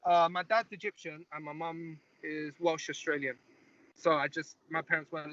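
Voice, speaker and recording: A young man from the UK in his twenties, speaking as an interview guest in a relaxed way with lots of "like"s. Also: a little high, normal speed, lo-fi sound. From United Kingdom. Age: 20s. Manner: relaxed, rambling with many "like"s. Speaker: guest fighter. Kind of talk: casual interview chat.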